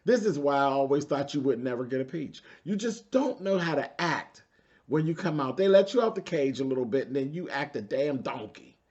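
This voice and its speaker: A sassy man, recapping reality TV and talking straight to his viewers. His voice sits at a middle pitch, and the recording sounds slightly dull and lo-fi. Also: animated, brisk, darkish tone. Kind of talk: casual TV recap commentary.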